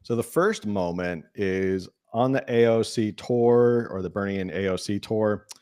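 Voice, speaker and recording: A man's voice: on the low side, unhurried, dark tone, clear, resonant tone. A man co-hosting a podcast, talking through the week's politics in a dry, wry way. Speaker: podcast co-host. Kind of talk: casual political chat.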